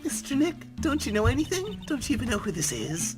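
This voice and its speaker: A man's voice: very high-pitched, wildly swooping pitch, fairly quick, over music, voice pushed up, full character voice. A man voicing a shy, starstruck teenage girl in a video game read-through. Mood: indignant.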